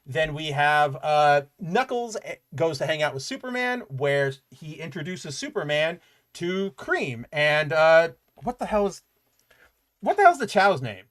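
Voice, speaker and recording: Male podcast co-host, chatty and loose, a touch higher-pitched, casual comics rundown. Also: measured pace. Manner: chatty and animated, loose fillers and asides. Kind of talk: casual comic book review chat.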